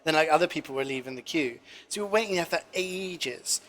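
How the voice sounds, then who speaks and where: Bright-voiced young man rambling. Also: fairly high pitch, fairly quick. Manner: rambling, filler-heavy, swears casually. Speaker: cooking streamer. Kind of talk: casual storytelling while cooking.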